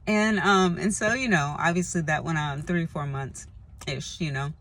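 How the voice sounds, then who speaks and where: A woman's voice: sits low, a little fast. A woman vlogger talking casually and earnestly to camera, rambling with lots of "like" and "you know.". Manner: earnest, confessional. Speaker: spiritual vlogger. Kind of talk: casual spoken monologue.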